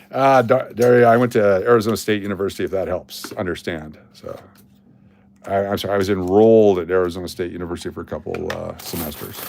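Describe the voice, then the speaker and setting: A man's voice: low-pitched, vocal fry, darkish tone. Jokey man chatting on a livestream. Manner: rambling, jokey, talks to chat. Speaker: coin roll hunting channel host. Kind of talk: casual livestream chat.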